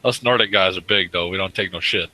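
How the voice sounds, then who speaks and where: A man's voice: deep voice, fast talker, sharp tone, rough recording. A man in casual online voice chat, talking in a blunt, profane way. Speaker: voice chat regular. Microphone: online voice chat mic.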